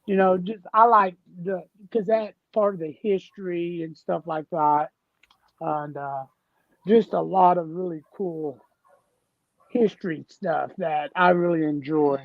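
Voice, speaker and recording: A man's voice: high-pitched, fairly even intonation, a little slow, creaky, dry recording. A man with a Southern US accent from Tennessee, telling rambling folksy stories in casual conversation as a guest. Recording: dull, dry lo-fi sound.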